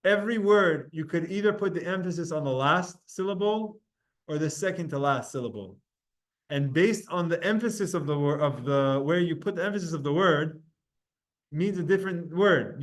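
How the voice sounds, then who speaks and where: Male teacher, slightly raised pitch, relaxed and repetitive, leading a study class. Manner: casual, repetitive, explains pronunciation by example; chants verses slowly. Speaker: Torah teacher.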